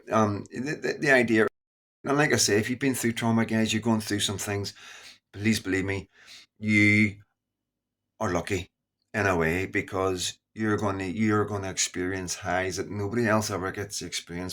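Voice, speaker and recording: A middle-aged Scottish-accented YouTuber speaks casually and earnestly straight to camera. His lowish, slightly bright voice rambles and repeats itself as he goes.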